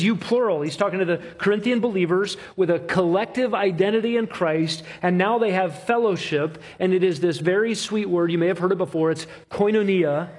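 A man preaching an expository sermon, emphatic, with rhythmic repetition and slow, stressed phrases. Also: sits high, breathy edge.

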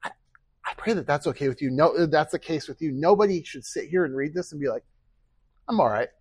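A man's voice: a little high, fast, slightly rough, dry recording. A man preaching a sermon as pastor, earnest and conversational, with rhetorical questions and acted-out quoted speech.

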